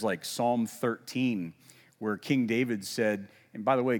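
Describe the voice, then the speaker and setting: A man preaching a sermon in a casual, conversational way, with self-deprecating humor and lively emphasis when quoting. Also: lowish voice, in a large hall. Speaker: pastor.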